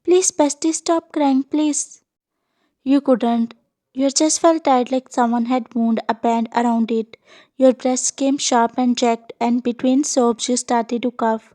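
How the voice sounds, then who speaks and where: A woman reading a fan fiction story aloud as scripted narration, in a steady reading voice. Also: a little high, normal speed.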